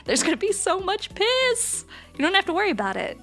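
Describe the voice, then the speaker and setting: A young woman streaming live, chatting casually with her chat, bubbly and prone to sudden excited squeals. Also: very high-pitched, brisk, faint music behind. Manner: bubbly, reads and answers chat, jumps to squeals.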